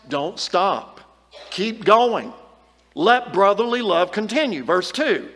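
A man's voice: sits high, fairly bright tone, in a large hall. A man giving a Bible lesson sermon in an earnest, emphatic way, stressing the words he reads from scripture. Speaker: preacher.

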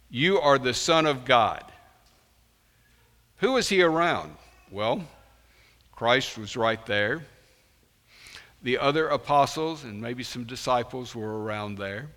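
A man preaches in a church, unhurried and deliberate, leaning hard on key words with sudden loud rises. His voice is bright and forceful. It rings out with a long reverb in a large hall. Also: medium pitch. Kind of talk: sermon.

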